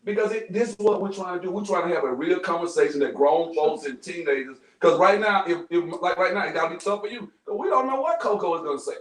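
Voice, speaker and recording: High-voiced animated man hosting. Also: quick pace, few pauses. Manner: animated, joking, slips into quoted voices. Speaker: podcast host. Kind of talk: casual group chat. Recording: echoey room, far from the mic.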